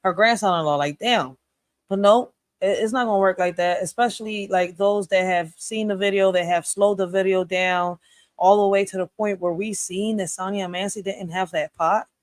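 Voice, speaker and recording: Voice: medium pitch, fairly even intonation, normal speed, no room sound, clean studio sound. Casual livestream co-host addressing viewers.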